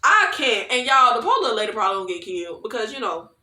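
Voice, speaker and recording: A woman giving a casual, animated TV recap, slangy and laughing often. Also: on the high side, racing, roomy sound. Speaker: show recap reviewer.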